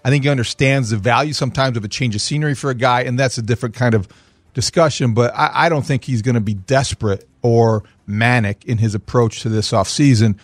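Assured guy talking baseball trades, calm and measured, dry studio sound. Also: mid-range voice, no echo. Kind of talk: sports talk discussion.

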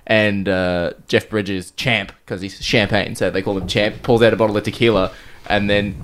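A man's voice: on the low side, steady tone, normal speed, a bit bright. A man chatting casually about a film, teasing his friends and recapping scenes at length.

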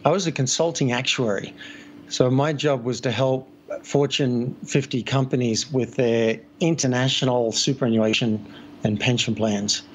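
A man's voice: mid-range voice, steady tone, normal speed, a little hiss or hum. A man from Australia whose accent is blended with American, a coach talking through his story easily as a podcast guest. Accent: Australian mixed with American. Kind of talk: conversational podcast interview.

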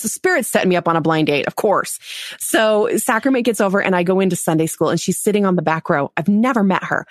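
A woman in her forties tells a personal story as an interview guest, animated and quick to laugh, voicing the people she quotes. Her pitch sits in the middle range. The sound is dry and close, with no room echo. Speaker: podcast guest.

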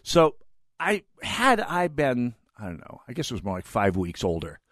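A man's voice: medium pitch, wildly swooping pitch, normal speed, a bit bright, dry recording, clean studio sound. A man in his fifties hosting a talk radio show, delivering an opinionated monologue that rambles off on tangents and restarts his words. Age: 50s.

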